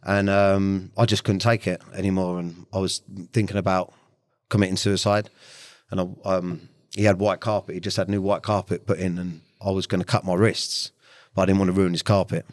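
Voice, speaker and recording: A man talks candidly as a guest. His voice sits very low and is recorded dry and close. He speaks bluntly, swears freely and often breaks off to restart a sentence. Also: little pitch movement, normal speed, no room sound. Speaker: podcast guest. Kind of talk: candid interview talk.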